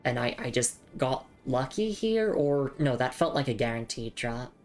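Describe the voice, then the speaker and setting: A young Australian woman with a very low voice streams a game, giving loose, chatty live commentary and tripping over and repeating her words. She's very animated and a little mellow, speaking at normal speed. Faint game music plays behind her.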